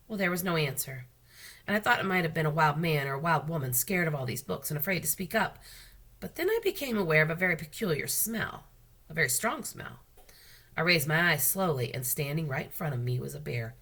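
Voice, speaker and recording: A woman librarian reading a children's book aloud, with expressive, unhurried storytelling. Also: low-pitched.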